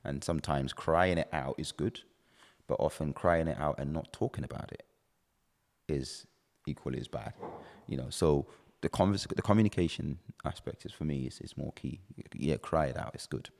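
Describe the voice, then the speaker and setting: A man's voice: a bass voice, normal speed, gravelly, a little mellow. A man hosting a podcast, talking in an earnest, reflective way. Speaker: podcast host. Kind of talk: casual chat. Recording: reverberant room.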